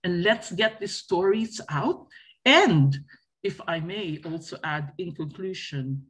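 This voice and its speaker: A woman from Southeast Asia gives remarks in a panel discussion. Her voice is husky and a little breathy. She speaks earnestly, often pausing on fillers as she searches for words. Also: on the low side, animated.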